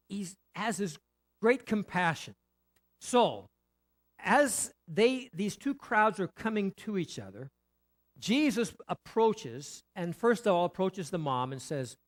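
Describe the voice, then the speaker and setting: Male pastor, conversational sermon delivery, very expressive intonation, leans on repetition and questions. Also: high voice, slow. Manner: animated, rhetorical questions and repetition; frequent restarts, conversational.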